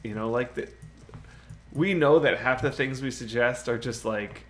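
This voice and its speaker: A man's voice: mid-range voice, a little slow, a bit bright. Chatty male streamer answering viewer chat. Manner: laughs often, with many fillers like "you know". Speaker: game streamer. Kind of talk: casual live-stream chat.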